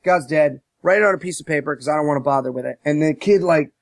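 A man casually recapping a movie on a podcast, animated and profane, mocking as he tells it. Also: a little high, fast, no echo. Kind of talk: casual chat.

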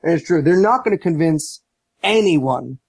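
A man's voice: on the high side, animated, moderate pace, slightly rough, dry recording. A man ranting sarcastically and profanely about a movie in a casual podcast chat, acting out quotes. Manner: sarcastic, profane, mocks quotes with shouted voices.

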